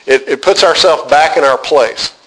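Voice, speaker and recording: A man preaching a sermon with animated emphasis, often repeating words as he reads and explains scripture. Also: on the high side, normal speed, rough recording.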